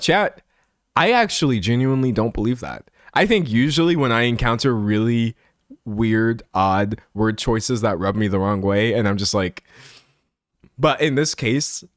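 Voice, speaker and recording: A young man streaming live, reading an article aloud to his chat and breaking off into chatty commentary, swinging from loud remarks to hushed asides. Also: medium pitch, no room sound, studio quality.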